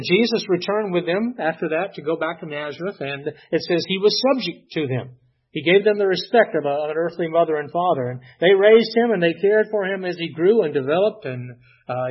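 A man preaching a sermon, retelling a Bible story in an unhurried way with many pauses and "uh"s. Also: on the high side, slightly rough. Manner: unhurried storytelling, frequent "uh" and restarts. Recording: dull lo-fi recording.

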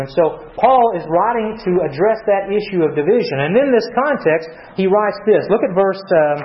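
A man's voice: high voice, roomy sound, dull audio. A man teaching a Bible study, reading verses aloud and putting questions to his listeners, often restarting his phrases. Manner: asks the audience questions, repeats and restarts. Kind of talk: interactive Bible study sermon.

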